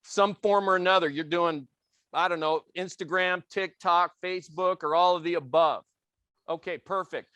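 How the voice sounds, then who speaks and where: A real estate trainer from an Italian family background leads a session with intense passion, quizzing the room and dropping into quick voices for the customers he quotes. His high voice is bright and cutting, steady and clean, with a close, dry sound and no room noise.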